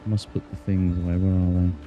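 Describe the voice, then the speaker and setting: Low-pitched and level in tone, this English streamer talks quickly while playing, keeping up casual chatter and jokes aimed at himself. Soft music plays behind a muffled recording.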